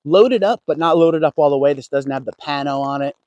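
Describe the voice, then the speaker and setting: A man's voice: fairly high pitch, a little fast, darkish tone, dry recording, lo-fi sound. Chatty man greeting viewers by name. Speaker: car vlogger. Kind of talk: casual livestream walkaround. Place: outdoors at a car dealership lot.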